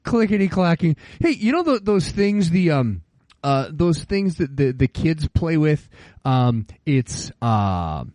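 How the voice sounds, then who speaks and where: Mellow-voiced man in his forties. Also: very animated, slow pace, no room sound. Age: 40s. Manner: storytelling, acts out quotes in higher voices. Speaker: podcast co-host. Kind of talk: casual chat.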